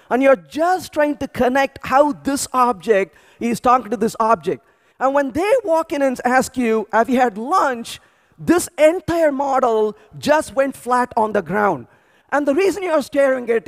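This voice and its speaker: A man speaking at a programming conference, telling animated stories with frequent restarts and repeated words. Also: extremely high pitch. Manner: animated storytelling with many restarts. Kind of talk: energetic tech conference talk. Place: large conference hall.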